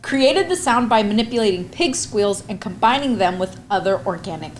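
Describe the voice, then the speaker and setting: A young adult woman hosting a movie podcast, playful and animated, often laughing. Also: medium pitch, fairly quick, slight background noise. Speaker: podcast host. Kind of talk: casual chat.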